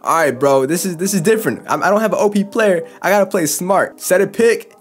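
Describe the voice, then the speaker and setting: A young man giving hyped, trash-talking commentary over his basketball video game, reacting fast to every play. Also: sits high, soft background music. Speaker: gaming YouTuber. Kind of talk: excited gameplay commentary.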